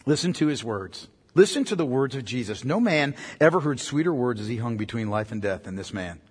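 A man preaching a sermon, emphatic, swinging from loud proclamation to hushed tones. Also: medium pitch, animated, brisk, breathy edge. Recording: long hall reverb.

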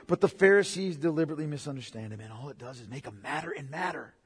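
A man preaching an expository sermon, emphatic and repetitive, swinging from loud declarations to hushed asides. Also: a little high, lively intonation, quick pace, few pauses, husky, long reverb tail. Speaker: pastor.

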